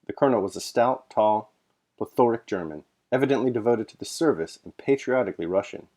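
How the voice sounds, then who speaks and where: A man hosting and reading a classic novel aloud chapter by chapter, in a measured, clear narration. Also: on the low side, animated, darkish tone. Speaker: host and reader. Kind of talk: audiobook narration.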